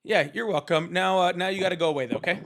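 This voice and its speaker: A man hosting a live call-in talk show, teasing callers with quick, casual jokes. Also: high-pitched, background noise. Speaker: host.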